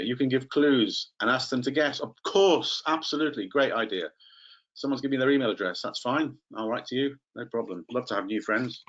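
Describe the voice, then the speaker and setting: A man's voice: mid-range voice, fairly quick, a bit bright, lo-fi sound. A man training teachers in a live online webinar, chatty and playful, calling on participants by name.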